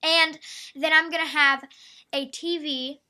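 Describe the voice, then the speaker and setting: A young woman, the host's daughter, chatting excitedly and giggling through a casual family conversation. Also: high voice, a little slow.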